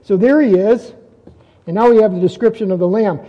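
High-voiced preacher in a reverberant hall. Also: male voice, a little fast, highs cut off. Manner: earnest, repeats phrases for emphasis, rises when stressing points. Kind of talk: expository sermon.

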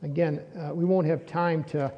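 High-voiced pastor preaching in a reverberant hall. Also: male voice, little pitch movement, normal speed. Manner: conversational preaching, rhetorical questions and frequent restarts. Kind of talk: sermon. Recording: muffled audio with long reverb.

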